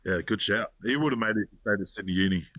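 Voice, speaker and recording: Brisk male host, dry sound. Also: fairly low pitch, fairly bright tone, no room sound. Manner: short agreeing interjections, brisk segment links. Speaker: podcast host. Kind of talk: casual chat.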